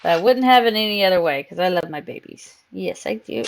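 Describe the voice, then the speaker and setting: A woman's voice: on the low side, animated, fairly quick, gravelly, a little hiss or hum. A woman streaming a game live, chatting casually and cooing baby talk to her cat between comments on the game.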